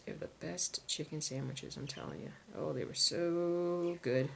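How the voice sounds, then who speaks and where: Sleepy, chatty woman with a gravelly voice. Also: low voice, moderate pace, a little hiss or hum. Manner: chatty, talks to herself, soft muttered asides. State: tired and yawning. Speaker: crafting vlogger. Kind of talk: casual chat while stitching.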